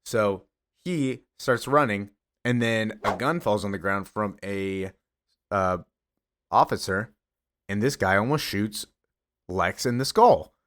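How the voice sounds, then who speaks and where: A man's voice: on the low side, slow pace, pauses often, a bit bright. A man casually retelling a comic story, rambling along with frequent fillers and restarts. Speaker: comics commentator.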